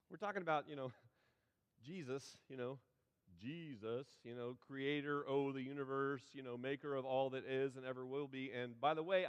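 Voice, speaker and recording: A man's voice: medium pitch, smooth, lo-fi sound. A man preaching a sermon, telling the story in a folksy way, acting out the characters and getting the congregation to join in. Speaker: pastor. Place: large church sanctuary. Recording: long hall reverb from the sanctuary.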